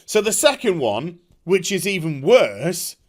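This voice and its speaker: Heated, high-pitched ranting man. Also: very animated, unhurried. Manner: heated, scornful, profane. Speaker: online commentator. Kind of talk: angry rant vlog.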